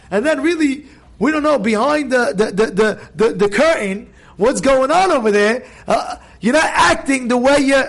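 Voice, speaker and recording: Animated high-voiced rabbi telling stories. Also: male voice, fairly quick. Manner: animated storyteller, acts out voices, asks audience questions. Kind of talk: informal sermon with stories. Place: synagogue event hall.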